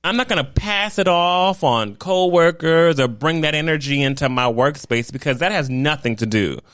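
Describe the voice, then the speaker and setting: A man's voice: on the high side, normal speed, smooth, no echo, studio quality. A man co-hosting a casual podcast chat, blunt and theatrical, acting out his reactions and swearing freely. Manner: animated, theatrical storytelling with acted-out reactions. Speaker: podcast co-host.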